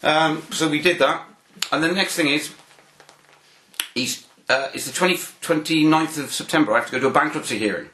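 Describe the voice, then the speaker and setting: A man's voice: a little high, a little fast, sharp tone, roomy sound, rough recording. Rambling man telling stories. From United Kingdom. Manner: repeats himself, many restarts and fillers. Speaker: interview guest. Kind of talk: rambling anecdotal storytelling.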